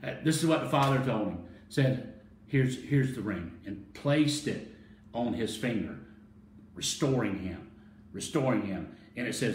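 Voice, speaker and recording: Excited preacher in an echoey room. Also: male voice, normal speed, far from the mic, slight background noise. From United States. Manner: builds from hushed, low storytelling to excited, loud preaching with laughter; calls the listeners to repeat phrases after him. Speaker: pastor. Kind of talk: sermon.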